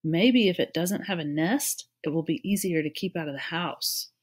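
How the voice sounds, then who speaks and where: A woman's voice: lowish voice, moderate pace, husky. A woman voicing Mallory, a bossy, take-charge older girl, in a read-aloud story. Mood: decisive.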